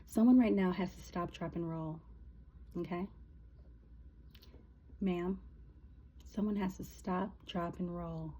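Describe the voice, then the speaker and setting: A woman giving a casual spiritual reading, rambling and emotional, with many halting fillers. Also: lowish voice, warm tone, husky. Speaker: spiritual reader.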